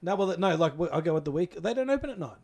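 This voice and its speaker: A quick-talking Australian man with a slightly raised voice who teases his mates in rapid banter. He keeps the chat light and playful. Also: high-pitched, big pitch swings. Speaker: podcast co-host. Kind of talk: casual chat.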